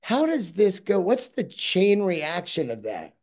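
A man's voice: sits high, wildly swooping pitch, a little slow, darkish tone. A man hosting a podcast, talking in a rambling, profane casual monologue and acting out the people in his stories. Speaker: podcast host.

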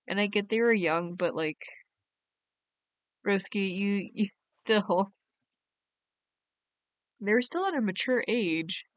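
A woman's voice: mid-range voice, smooth, dry recording. A young woman, chatting casually on a game live stream and reading her chat aloud in a bubbly way. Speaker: game livestreamer.

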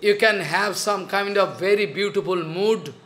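A man giving a spiritual sermon, slow and earnest, repeating his phrases. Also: high-pitched, a bit bright. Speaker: spiritual teacher.

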